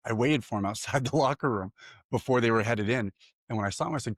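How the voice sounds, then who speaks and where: A man's voice: mid-range voice, fast, no echo, clean studio sound. A man telling a personal story in a casual podcast chat, candid and profane, laughing often. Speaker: podcast co-host.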